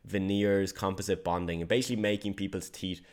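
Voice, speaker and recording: A man talking as a business coach in an online course lecture, direct and conversational, with deliberately varied emphasis. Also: low voice, steady tone.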